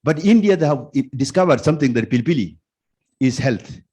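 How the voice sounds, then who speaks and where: Speaking at a fairly quick clip, a middle-aged Kenyan conference speaker delivers a casual, animated talk. He poses questions to the crowd and says things more than once, his medium-pitched voice carrying a slight roughness.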